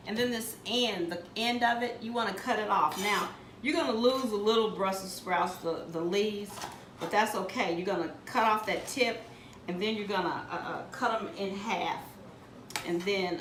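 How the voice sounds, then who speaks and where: Woman, home-cook tutorial host, plain homey instructions; roomy distant camera sound with steady background noise. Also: mid-range voice. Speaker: home cook demonstrating a recipe. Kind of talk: casual cooking tutorial. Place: home kitchen. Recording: echoey kitchen from a distant mic with background noise.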